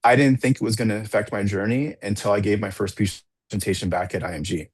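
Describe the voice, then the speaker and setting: A low-voiced man chats as a podcast guest, a coach telling a long personal story. He rambles, restarts his sentences, fills them with "like" and acts out the voices of the people he quotes. The sound is dry and close, with no room echo. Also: fairly even intonation, fast talker, breathy edge. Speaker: assistant track and field coach, podcast guest. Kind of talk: casual storytelling in an interview.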